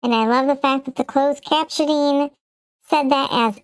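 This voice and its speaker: A woman's voice: sits high, steady tone, moderate pace, dry recording. Michigan-accent lady streaming a game, rambly chatter to chat, dry close mic. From Michigan, USA. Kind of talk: casual live-stream chat.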